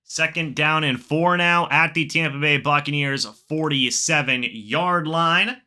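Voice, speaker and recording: Excitable man calling plays on a live stream. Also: fairly high pitch, a little slow. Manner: excitable, bursts up when plays happen, then mutters asides. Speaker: live stream host doing play-by-play. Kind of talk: live reaction commentary. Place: home, watching the game on screen.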